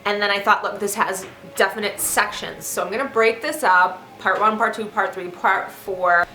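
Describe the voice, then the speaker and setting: A woman talking earnestly to camera in a casual vlog, getting emphatic and animated as she explains. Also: mid-range voice, normal speed. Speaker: vegan vlogger. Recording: echoey room with faint noise.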